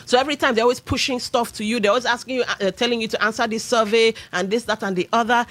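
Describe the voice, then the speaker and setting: A woman's voice: on the high side, steady tone, quick pace, a bit bright, no room sound, soft background music. A Nigerian woman hosting a radio talk show, giving opinionated commentary with pidgin asides. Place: radio studio.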